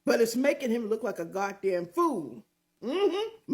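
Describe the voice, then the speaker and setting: An older woman hosts her own opinion show and talks with sass and mockery, leaning hard on her words. Her voice sits high and swoops a lot. She takes her time, drawing each point out slowly. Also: sing-song. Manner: sassy, mocking, emphatic, drawn-out. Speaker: commentary show host. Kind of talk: opinionated commentary.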